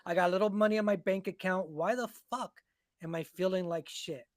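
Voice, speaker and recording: A man hosting a casual chat, talking haltingly with fillers. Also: high voice, fairly even intonation, no room sound, clean studio sound.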